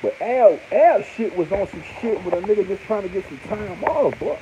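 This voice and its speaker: A man giving a casual, animated monologue as an online commentator, full of slang and repeated fillers, often jumping up into high exclaims. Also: brisk. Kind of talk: casual monologue on hip hop news. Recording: muffled lo-fi with faint hiss.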